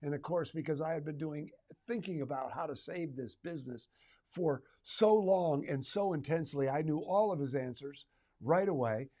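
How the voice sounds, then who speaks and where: A middle-aged man with a slightly high-pitched voice tells a story from his own retail career. He speaks conversationally, adding humorous asides as he goes. His tone is that of a trainer offering a lesson to fellow retailers. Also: moderate pace, warm tone. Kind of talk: personal story told to retailers.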